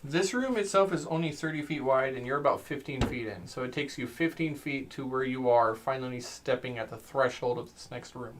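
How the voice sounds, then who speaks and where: A man narrating as game master, reading monster lore aloud with animated delivery and frequent laughs. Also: medium pitch, a little fast, few pauses, a little hiss or hum.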